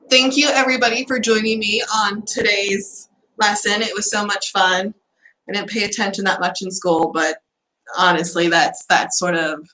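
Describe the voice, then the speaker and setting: A woman's voice: mid-range voice, pushed and bright, roomy sound, slight background noise, poor audio. A young woman from the United States chatting casually in a student vlog, self-deprecating and giggly. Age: young adult. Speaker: student vlogger.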